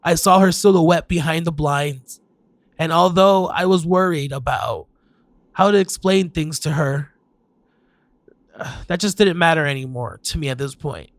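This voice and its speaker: A man narrating a first-person horror story with hesitant pauses and sighs. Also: on the high side, dry recording.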